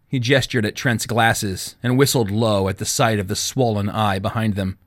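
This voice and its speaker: A man narrating a novel as an audiobook, with expressive storytelling. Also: on the low side, normal speed, few pauses, no room sound, clean studio sound. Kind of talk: scripted narration.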